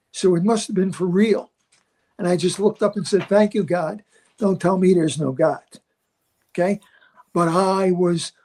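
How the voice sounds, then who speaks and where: An older man, a veteran stand-up comedian, telling animated stories and acting out the people in them. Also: high-pitched. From Philadelphia area. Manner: acts out other people in his stories. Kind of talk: animated storytelling.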